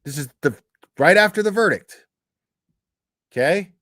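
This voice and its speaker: A man's voice: fairly high pitch, lively intonation, a bit bright, dry recording, studio quality. A man, choked up and tearful as he talks on a true crime livestream, stumbling over his words and swearing freely. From Tennessee. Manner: halting, repeats words, swears often. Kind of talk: emotional livestream talk.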